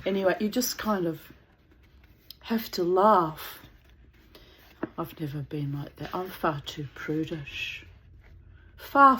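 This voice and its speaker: A woman's voice: deep voice, bright, forceful tone, a little hiss or hum. A woman telling a rambling, digressive anecdote in casual chat, breaking into laughter often. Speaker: channel host.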